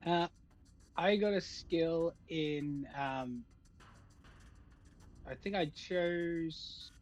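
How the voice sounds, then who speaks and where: A man playing a tabletop game, speaking in a hesitant, relaxed way. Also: fairly high pitch, extremely slow, faint music behind. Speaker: player. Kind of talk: casual tabletop play. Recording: dull lo-fi mic.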